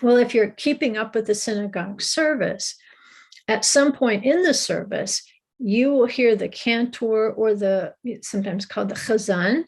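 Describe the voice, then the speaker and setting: A woman's voice: a little high, normal speed, breathy edge. A woman teaching a recorded Bible lesson, explaining with small restarts and an occasional light laugh.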